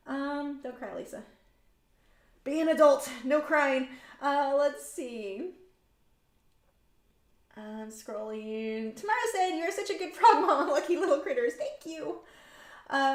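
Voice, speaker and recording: Chatty lady artist on a livestream, kinda high voice, echoey room. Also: lively intonation, normal speed. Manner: chatty, reads viewer comments aloud, rants. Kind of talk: casual livestream chat while painting.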